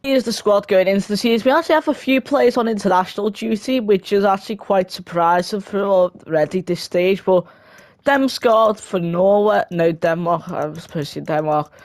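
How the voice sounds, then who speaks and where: A young adult talks through a football game career in a relaxed, chatty voice-over, fixing slips on the fly and dropping quick laughing asides. The voice sits at a middle pitch. The recording is close and dry, with no room sound. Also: no echo. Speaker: gaming video creator.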